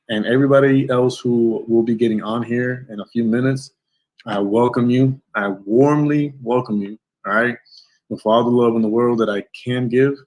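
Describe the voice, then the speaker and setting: Male stream host, lower voice, gushing with thanks; warm welcome for each viewer. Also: rough recording. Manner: effusive, thankful, blessing-heavy. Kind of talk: livestream interview intro. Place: home setup in Florida.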